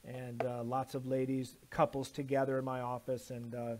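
A man's voice: medium pitch, completely flat delivery, moderate pace, a little mellow. A man preaching a sermon as pastor, with emphatic delivery and repeated lists of words. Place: church sanctuary.

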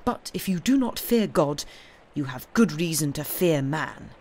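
A woman's voice: sits low, lively intonation, measured pace, heavily acted. A woman voicing a stern pious curate. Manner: stern, quiet, grave. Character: stern, pious male curate, quietly anxious.

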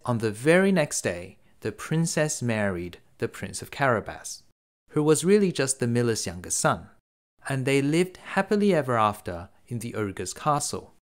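Dad reading a fairy tale at bedtime, voice rises and falls a lot, mid pitch. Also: male voice, sing-song, moderate pace. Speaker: storyteller.

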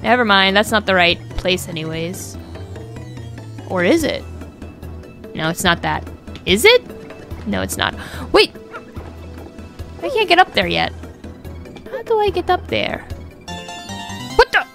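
A woman's voice: mid-range voice, sing-song, unhurried, gravelly, pauses often, a bit bright, faint music behind. A woman casually commentating a video game playthrough, playful and muttering to herself. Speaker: gaming video creator.

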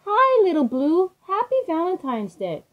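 A woman's voice: very high voice, huge pitch swings, a little slow, dull audio, pitched above the performer's own voice, exaggerated voice. A woman voicing a friendly male train station manager in a children's storybook.

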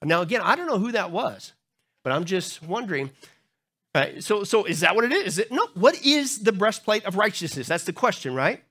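A man's voice: high voice, very animated, moderate pace, pushed and bright, husky. A man preaching a sermon as pastor, emphatic and joking, often asking the congregation rhetorical questions.

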